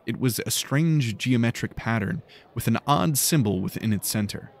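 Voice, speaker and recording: A man reading a fantasy audiobook in calm, measured narration. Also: mid-range voice, creaky.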